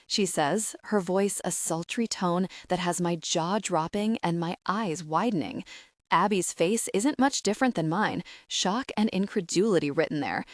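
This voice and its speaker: A woman's voice: lowish voice, moderate pace, no echo, clean studio sound. A woman narrating a first-person romance audiobook with a wry, sassy storytelling manner.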